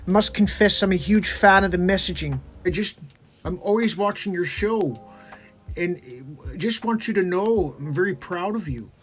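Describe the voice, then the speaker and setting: Hear an earnest male professor, put on by a performer in a comedy bit. He speaks formally in a mid-pitched voice, with faint music behind. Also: moderate pace, natural voice. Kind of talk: comedic impression.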